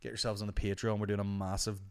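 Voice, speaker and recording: A man's voice: fairly low pitch, flat delivery, fast talker, a little mellow, clean tone. A man, a comedian hosting a podcast, chatting casually and rambling through listener questions with lots of swearing. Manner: swears freely, rambling, sardonic. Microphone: studio microphone.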